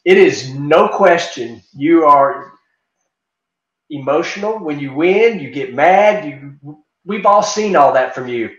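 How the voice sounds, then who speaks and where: A man's voice: on the high side, animated, takes it slowly, fairly bright tone. A man hosting a casual chat show, asking questions in an easygoing, rambling way. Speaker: show host, racer. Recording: dull echoey room sound.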